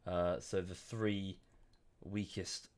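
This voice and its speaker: A man's voice: sits low, flat delivery, slow, a little mellow. A young man giving casual live-stream commentary on a strategy game at home, chatty, easily distracted and apologetic. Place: room at home.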